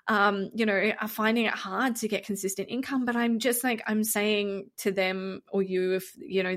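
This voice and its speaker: A woman co-hosting a podcast in casual chat, blunt and exasperated, swearing freely. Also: mid-range voice. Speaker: podcast co-host.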